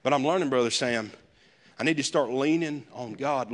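A man's voice: medium pitch, moderate pace. A male pastor, preaching a sermon in a conversational way with folksy asides. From American South.

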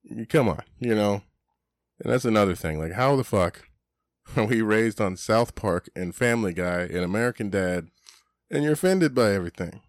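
Blunt, swearing man with a low voice. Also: expressive, moderate pace, no room sound, clean studio sound. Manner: blunt, profane, rambling with many "you know"s. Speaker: podcast co-host. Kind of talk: casual chat.

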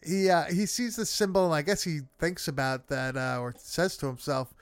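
Man, casual film recap, loose and sweary, smooth clear voice, dry close sound. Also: fairly high pitch, moderate pace, hardly any pauses, no echo. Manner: loose, swearing, many fillers.

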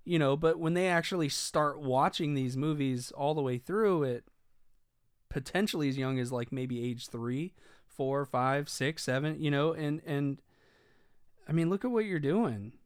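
A man's voice: fairly high pitch, unhurried, smooth, no echo, clean studio sound. A man giving casual video commentary, rambling and swearing, with many fillers and restarts.

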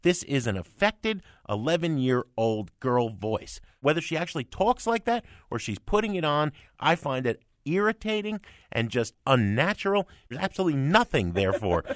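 A man's voice: fairly high pitch, a bit bright, dry recording, clean studio sound. A man co-hosting a radio music review show, talking in an emphatic, sarcastic way with theatrical swings. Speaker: music critic co-host. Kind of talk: opinionated studio review chat. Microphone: studio microphone.

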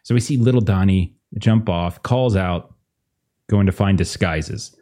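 Relaxed male game master. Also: low voice, measured pace. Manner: relaxed, repeats words, many fillers. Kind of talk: narrating a tabletop game.

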